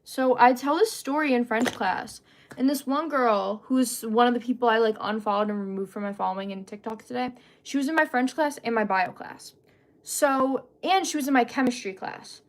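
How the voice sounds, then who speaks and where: A young woman telling a story on a casual livestream, chatty and animated, greeting viewers as she talks. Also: fairly high pitch, normal speed. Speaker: livestream host.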